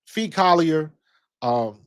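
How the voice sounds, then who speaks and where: A man's voice: fairly high pitch, expressive, slow pace. A man in his fifties, raised in Ohio, giving casual basketball commentary in a blunt, slangy, rambling way with some profanity. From Ohio, USA. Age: 50s. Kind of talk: casual commentary with personal storytelling.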